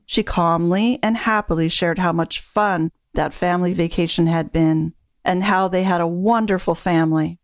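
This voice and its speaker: A woman who coaches dementia caregivers, giving a calm, measured scripted narration. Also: on the low side, dry recording, studio quality.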